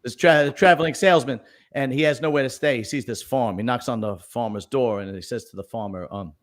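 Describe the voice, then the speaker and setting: A man's voice: mid-range voice, a little fast. A male podcast host chatting casually about news stories, rambling with lots of fillers and restarts and telling jokes for donors. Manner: tells jokes read out for viewer donations.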